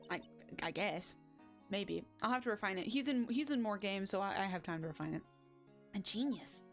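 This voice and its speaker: Woman, game streamer, giggly, rambling, self-mocking, middle pitch, faint music. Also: lively intonation, a little fast, a bit bright. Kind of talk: casual game-stream commentary.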